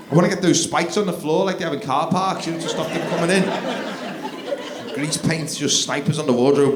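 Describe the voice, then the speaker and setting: A man doing live stand-up comedy on a theatre stage, swinging from mumbled asides to shouted outbursts. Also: a little high, fast talker. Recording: roomy live theatre recording with crowd. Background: laughing audience.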